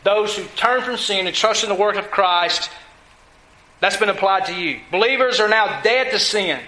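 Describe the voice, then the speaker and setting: A man's voice: high-pitched, moderate pace, sharp tone, roomy sound, poor audio. A man preaching a sermon, emphatic, asking his listeners questions and answering them himself. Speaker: pastor.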